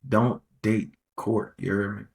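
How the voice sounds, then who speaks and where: A man's voice: lowish voice, fairly even intonation, slow pace, gravelly. A man hosting a podcast, giving casual relationship advice in a rambling, slangy way and repeating phrases for emphasis. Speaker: podcast host.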